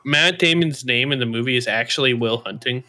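A man's voice: mid-range voice, fairly quick, bright, forceful tone, no room sound. A man co-hosting a podcast in casual chat, arguing back with disbelief. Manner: incredulous, argumentative banter. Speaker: podcast co-host.

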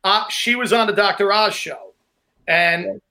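A man's voice: sits high, a little slow, bright, forceful tone. A man hosting a casual chat, telling chatty stories. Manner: chatty anecdote teller.

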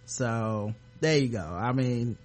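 A man's voice: medium pitch, slow pace. A male podcast host on a video call, chatting casually and joking, often laughing as he talks. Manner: jokey, laughs often while talking.

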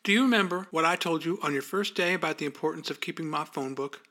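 A man's voice: a little high, quick pace, pushed and bright. A man voicing a bossy, self-important male agent boss who talks down to his assistant in a pompous, condescending way. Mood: scolding.

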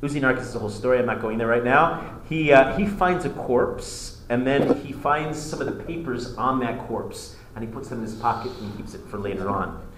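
A male history teacher lecturing a class, telling the story in an animated way with many restarts. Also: medium pitch, fairly quick. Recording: echoey classroom with faint noise.

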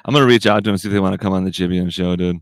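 Young male podcast host, lowish voice, loose and profane, close dry mic. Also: rapid-fire, no echo. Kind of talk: casual podcast banter.

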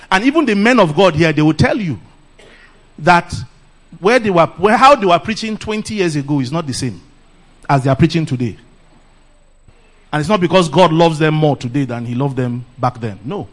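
Animated Nigerian preacher, higher voice. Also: male voice. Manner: animated, laughs often, calls "Praise the Lord". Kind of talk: lively sermon. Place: church camp meeting.

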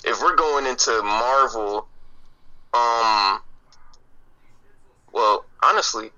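A man co-hosting a casual podcast chat, relaxed and hesitant as he starts his points. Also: mid-range voice, slow pace, highs cut off. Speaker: podcast co-host.

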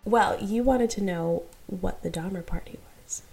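A woman's voice: mid-range voice, moderate pace, vocal fry, darkish tone, faint music behind. A woman co-hosting a podcast in casual chat, giggly and playful, acting out people's voices as she tells stories. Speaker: podcast co-host.

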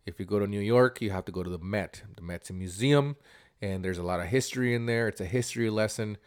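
A man's voice: lowish voice, fast talker, clean tone. Man telling a rambling travel story. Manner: animated, rambling, repeats words. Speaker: vlogger.

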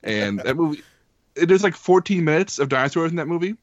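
A man's voice: a little high, lively intonation, quick pace, dry recording, muffled recording. A man talking eagerly and casually as a podcast co-host, with many fillers. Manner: enthusiastic, filler-heavy. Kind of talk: casual chat.

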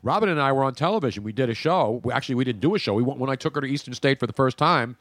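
A middle-aged man hosting a casual sports podcast, brisk and teasing, plugging sponsors. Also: medium pitch, lively intonation, fairly bright tone, dry recording. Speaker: podcast host.

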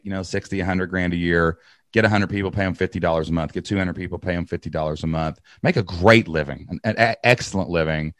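A man, telling energetic stories in an interview and acting out quotes. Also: low voice, dry recording, clean studio sound. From Kentucky. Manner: energetic, repeats words, acts out quotes. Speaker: podcast host and guest. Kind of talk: animated storytelling interview.

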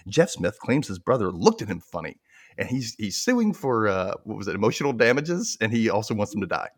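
Low-voiced guy hosting a podcast, super animated, laughs a lot acting out scenes. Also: a little fast. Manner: animated storytelling, acting out lines, frequent laughter. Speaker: podcast host. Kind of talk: casual podcast recap chat.

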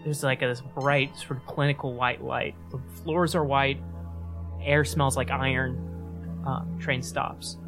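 A man's voice: medium pitch, flat delivery. Guy running a tabletop game, does train noises with his mouth, music playing behind. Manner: sound effects with the mouth, halting. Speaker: game master. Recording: background music.

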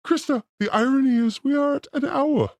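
A man's voice: extremely high pitch, normal speed, dry recording. A man co-hosting a livestream, teasing his co-host with mock outrage in casual banter. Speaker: co-host of a streamed show.

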